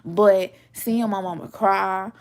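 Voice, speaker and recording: A woman's voice: medium pitch, slow pace. A woman in her mid twenties, a tarot reader, telling a story in casual chat, swearing freely and acting out what people said. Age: 20s. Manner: animated, swearing, laughing often, acts out quotes.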